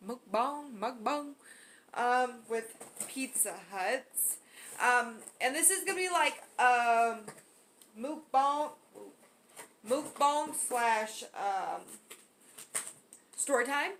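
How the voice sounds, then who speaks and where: Young woman vlogging, talks slow n rambly, lots of ums, bright voice. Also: high voice, slight background noise. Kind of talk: casual mukbang story time.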